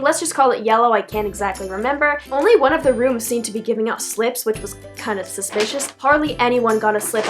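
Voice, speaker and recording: A teenage girl speaks in a fairly high voice, casual and rambling, correcting herself as she goes. Faint music plays softly behind her advice vlog. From Philadelphia area, USA. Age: teens. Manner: chatty, rambling, frequent "like" and self-corrections. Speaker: vlogger.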